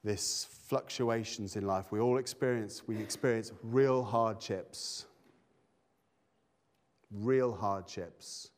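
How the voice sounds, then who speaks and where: A man's voice: on the low side, fairly even intonation, measured pace, hardly any pauses. A man preaching a sermon, reflective and repeating phrases for emphasis.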